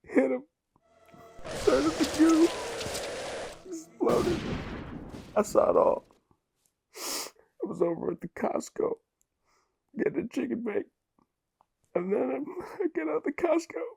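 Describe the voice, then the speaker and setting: A man playing a dim, washed-up crunk rapper who rambles through an interview, filling every pause with fillers. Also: low voice, gravelly, darkish tone. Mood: frantic.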